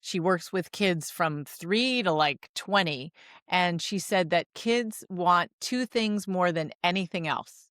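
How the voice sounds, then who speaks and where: A woman's voice: lowish voice, slow, no room sound, clean studio sound. A woman guest on a podcast interview, talking in an earnest way and acting out quoted lines in her stories. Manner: earnest and warm with light laughs, acts out quoted lines. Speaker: podcast guest, divorce strategist. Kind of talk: conversational interview.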